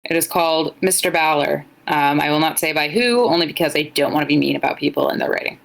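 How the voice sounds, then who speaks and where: A woman's voice: deep voice, fast talker, vocal fry, low-quality recording. A young woman co-hosting a podcast, blunt and joking as she reads fan fiction aloud in casual chat. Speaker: podcast co-host.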